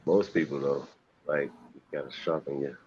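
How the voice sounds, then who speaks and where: Deep raspy dude just chatting on a stream, kinda muffled dry audio. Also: male voice, fairly even intonation, normal speed, darkish tone, dry recording. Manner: laid-back, rambling, restarts. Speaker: host. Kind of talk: casual livestream chat.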